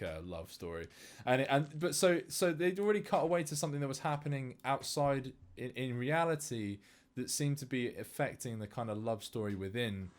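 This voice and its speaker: A man co-hosting a podcast, chatting casually about films with lots of fillers and restarts. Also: on the low side. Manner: animated, many fillers and restarts. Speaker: podcast co-host. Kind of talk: casual film discussion.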